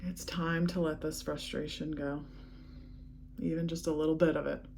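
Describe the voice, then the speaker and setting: A woman leading a guided EFT tapping session, speaking calm, repetitive affirmations. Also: low voice, moderate pace, gravelly, slight background noise.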